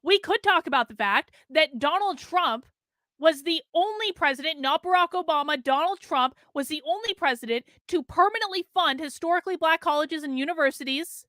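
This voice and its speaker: A woman's voice: sits high, brisk, bright, forceful tone, dry recording, clean studio sound. A woman commentator reacting to a podcast clip, talking in an exasperated, ranting way and swearing now and then.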